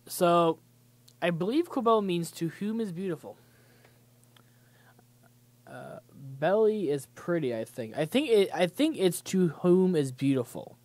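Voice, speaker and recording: A man's voice: sits high, sing-song, a little slow, long pauses, darkish tone, dry recording. Rambling young man hosting a livestream. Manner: rambling, many fillers and restarts. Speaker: livestream host. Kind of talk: casual gaming news chat.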